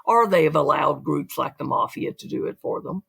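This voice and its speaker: Podcast guest and author, husky and gravelly, a lively storyteller. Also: mid-range voice, normal speed. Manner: lively storyteller who acts out quotes. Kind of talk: storytelling in an interview.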